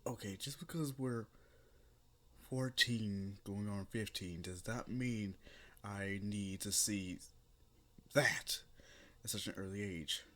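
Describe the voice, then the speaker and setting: Guy doing a nervous teen girl, embarrassed and protesting, low and slow, kinda tense and bright. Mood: flustered. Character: flustered teenage girl, shy and easily embarrassed. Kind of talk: amateur story narration with voiced characters.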